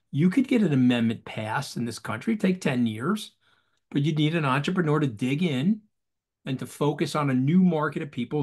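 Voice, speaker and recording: Emphatic, fast-talking man on a call. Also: fairly high pitch. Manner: emphatic, rhetorical, repeats phrases for effect. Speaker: guest. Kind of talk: animated interview talk. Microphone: video call.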